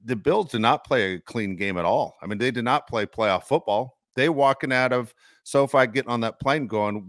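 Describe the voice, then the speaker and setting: A man's voice: medium pitch, moderate pace, hardly any pauses, dry recording, studio quality. A man co-hosting a sports podcast, talking casually and acting out what fans would say. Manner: animated, acts out fans' voices. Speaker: podcast co-host.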